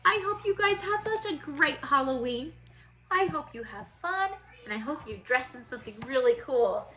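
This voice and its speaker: A woman's voice: high voice, animated, moderate pace, sharp tone. A woman teaching preschoolers and reading a picture book aloud in a cheerful, sing-song manner. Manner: cheerful, sing-song storytelling for little kids.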